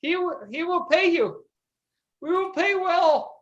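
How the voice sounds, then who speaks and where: A woman's voice: extremely high pitch, slow, lo-fi sound, pitched above the performer's own voice. A woman voicing an anxious, humble peasant man who pleads eagerly for help. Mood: eager, pleading.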